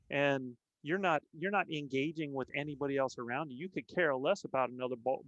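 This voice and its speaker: A man's voice: medium pitch, a bit bright, dry recording, dull audio. A man talking as a podcast guest, explaining things earnestly in a casual chat with frequent restarts. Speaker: podcast guest, veteran elk bowhunter.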